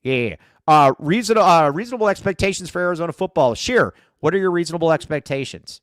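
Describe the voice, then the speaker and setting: A man's voice: a little high, expressive, fast talker, a bit bright, dry recording, clean studio sound. A man hosting a casual sports podcast, rambling and joking with plenty of fillers. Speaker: podcast host.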